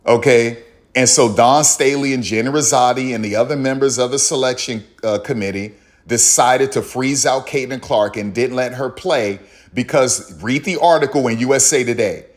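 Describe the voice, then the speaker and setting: A man's voice: medium pitch, moderate pace. Heated man ranting about sports. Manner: heated, repetitive, emphatic, acts out others in quotes. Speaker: commentary channel host. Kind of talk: opinionated sports commentary monologue.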